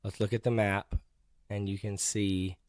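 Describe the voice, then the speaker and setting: A man hosting a casual podcast chat, talking in a patient, gently teasing way as he explains things step by step. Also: lowish voice, flat delivery, a little slow, no room sound, clean studio sound. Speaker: podcast host.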